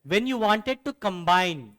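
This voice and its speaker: A man's voice: high-pitched, animated, a little slow, fairly bright tone, smooth, big-room sound. A man teaching a grammar lesson, explaining rules step by step and repeating key phrases.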